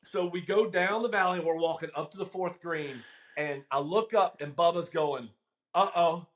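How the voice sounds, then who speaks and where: A middle-aged man, a guest caddie, telling a long story in casual chat, animated and laughing, with frequent ums. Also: a little high, normal speed.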